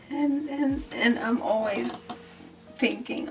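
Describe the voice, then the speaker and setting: An art vlogger who grew up in the Netherlands from age thirteen chats softly and self-deprecatingly while coloring at an indoor desk, rambling and laughing often toward an overhead camera some distance away. Her medium-pitched voice is expressive and slow, with vocal fry and frequent pauses, and soft music plays behind the distant camera mic.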